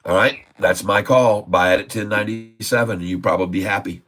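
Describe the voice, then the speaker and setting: A man's voice: lowish voice, steady tone, brisk, music in the background. A man hosting a stock trading livestream, talking emphatically, repeating his points and calling the audience "folks.". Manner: emphatic, repeats himself, keeps addressing "folks". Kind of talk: casual market commentary.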